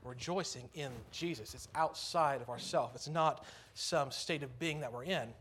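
A man's voice: medium pitch, moderate pace, a bit bright, a little hiss or hum. A man preaching a sermon in church, earnest and conversational, lifting his voice on key phrases.

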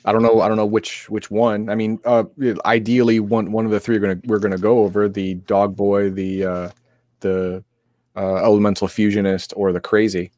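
A man co-hosting a tabletop game live stream in casual chat, halting with frequent restarts, somewhat sick. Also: on the low side, flat delivery, a little mellow, no room sound.

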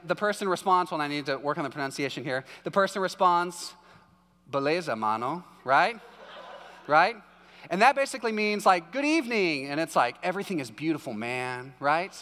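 A man's voice: high-pitched, bright, forceful tone, clean tone, big-room sound. Man preaching, jokey and conversational. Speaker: pastor. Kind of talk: sermon.

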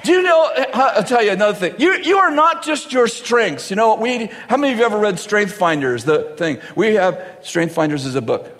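Male preacher, high and very lively pitch, jokes and laughs through his sermon; large hall with a long reverb. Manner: jokey, laughs often, acts out dialogue in quick voices. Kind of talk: humorous sermon. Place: large church hall before a live audience. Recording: reverberant hall with faint audience and noise.

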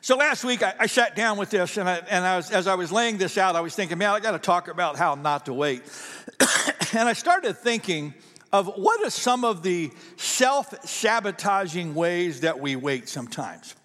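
High-voiced man preaching a sermon. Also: normal speed, in a large hall. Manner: animated, conversational, asks the congregation questions. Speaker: pastor. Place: church.

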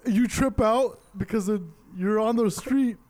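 A man's voice: high voice, unhurried, a little mellow. A young man co-hosting a casual podcast, joking and swearing freely as he riffs on bits. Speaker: podcast co-host. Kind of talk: casual chat.

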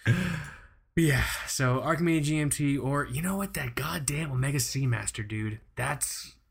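A man co-hosting a relaxed podcast, talking in loose, profane banter. His voice sits at an ordinary middle pitch. He laughs easily and rambles through his thoughts. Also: a little slow, vocal fry, slightly rough. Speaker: podcast co-host. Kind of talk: casual chat.

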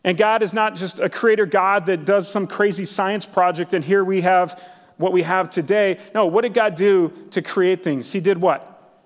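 A man's voice: sits high, steady tone, normal speed. A middle-aged man pastor giving a casual, enthusiastic sermon, peppered with "like" and "literally". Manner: casual, enthusiastic, many "like" fillers. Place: church sanctuary. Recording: long church hall reverb.

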